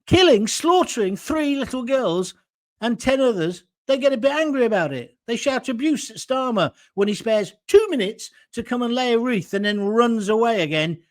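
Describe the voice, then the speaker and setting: A man's voice: very high-pitched, animated, normal speed. A middle-aged man giving a sarcastic, indignant political rant as an online commentator. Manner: slips into mocking impressions. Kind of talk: ranting political monologue.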